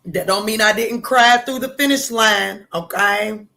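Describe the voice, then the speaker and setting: A woman's voice: a little slow, gravelly. Bold, profane woman tarot host. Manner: loud, bold and profane, laughing often, with sudden jumps in pitch. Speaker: tarot reader livestream host. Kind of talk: casual livestream chat.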